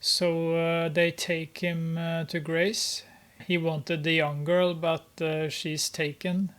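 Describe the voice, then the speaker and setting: A speaker casually recapping a film, amused and mocking, with many filler pauses. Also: medium pitch, level tone, a bit bright. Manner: halting, with many filler pauses and frequent laughter. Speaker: movie recap commentator.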